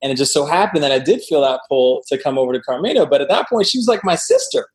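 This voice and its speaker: A man speaking as a guest, telling his side of a story in a relaxed, joking way during a casual conversation. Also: on the high side, quick pace.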